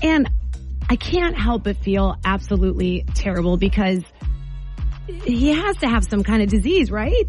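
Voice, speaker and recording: A woman's voice: medium pitch, sing-song, normal speed, darkish tone, faint music behind. A woman hosting a morning radio show, chatting casually and teasing callers in a studio. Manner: teasing, chatty, laughs often.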